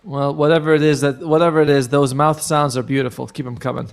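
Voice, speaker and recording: A man's voice: fairly high pitch, level tone, fast, gravelly. Joking man casting a live game. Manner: chatty, joking, analytical. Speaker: esports caster.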